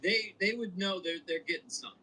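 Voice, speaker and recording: A man's voice: high voice, fast talker, a little hiss or hum, low-quality recording. A man from Montana, co-hosting a podcast, telling stories in casual chat and slipping into old-timey voices. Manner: animated storyteller, slips into old-timey voices. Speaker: podcast co-host.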